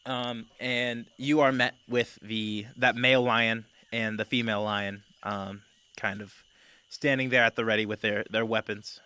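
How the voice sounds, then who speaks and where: GM, male, bright low voice, halting narration. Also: fairly even intonation, clean tone, dry recording. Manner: halting, with many fillers. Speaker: game master. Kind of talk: narrating a tabletop game.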